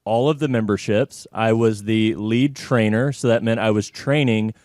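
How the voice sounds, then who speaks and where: A male business owner being interviewed, speaking in an even, mid-pitched voice that is smooth and resonant. He answers in a measured, thoughtful way. The sound is dry, with no room echo.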